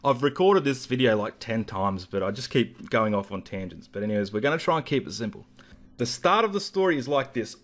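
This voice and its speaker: A man in a vlog, ranting and rambling through a story with heavy swearing. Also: medium pitch. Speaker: vlogger.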